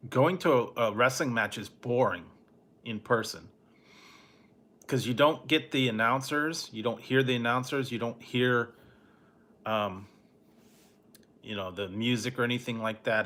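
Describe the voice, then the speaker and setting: The host of a food review channel, a middle-aged man, chats on a late-night live stream in a bright, forward voice at an ordinary pitch. Laid-back, he rambles through a story, chuckling softly and pausing now and then to answer his chat.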